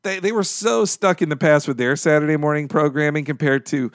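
A man's voice: a little high, brisk, dry recording, clean studio sound. A man co-hosting a casual cartoon podcast, enthusiastic, laughing often and groaning for emphasis. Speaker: podcast co-host. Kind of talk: casual chat about cartoons.

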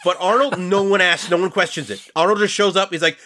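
A man's voice: high voice, quick pace, few pauses, pushed and bright. A man hosting a casual movie podcast, telling stories and speaking to the listeners. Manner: storytelling, addresses listeners. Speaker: podcast host.

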